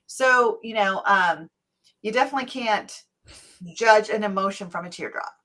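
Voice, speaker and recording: Middle-aged woman host, chatty and animated, mid-range voice. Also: mid-range voice, a little fast. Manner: chatty and animated, acts out quotes. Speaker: podcast host. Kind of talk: casual interview chat.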